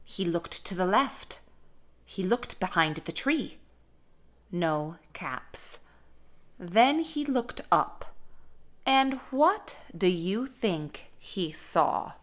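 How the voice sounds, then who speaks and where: A young woman, a caregiver, reading a storybook aloud in a slow, gentle, expressive way. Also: mid-range voice.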